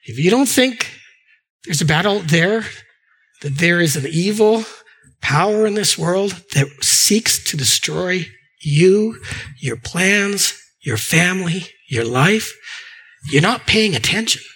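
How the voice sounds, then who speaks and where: A man with a very high, bright, ringing voice preaches a sermon. He tells stories with animation and acts out what others say, often tripping over repeated words. He sounds middle-aged and speaks like a pastor to his congregation. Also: slow pace, slightly rough, rough recording. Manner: animated storytelling, acting out quoted voices, frequent stammered repeats.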